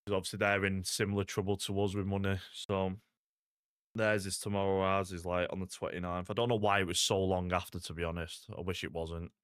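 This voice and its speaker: Young man, very low voice, dry close sound, laid-back gaming chatter. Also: level tone, brisk, a bit bright, smooth, no room sound. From Salford, England. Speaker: streamer. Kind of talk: casual gaming stream chat.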